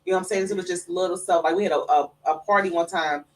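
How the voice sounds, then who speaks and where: A woman, a guest and mother, telling family stories casually and acting out the voices of others in a raised pitch, in a studio. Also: fast, distant mic, slight background noise, poor audio. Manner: animated storyteller who acts out quotes in a high voice. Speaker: guest, mother of the late artist. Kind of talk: casual storytelling.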